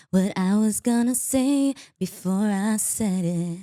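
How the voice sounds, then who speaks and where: Quick, enthusiastic podcast host with a Miami accent. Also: female voice, medium pitch, warm tone, faint music behind. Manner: quick, enthusiastic, laughs easily. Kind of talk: casual podcast chat. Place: podcast studio.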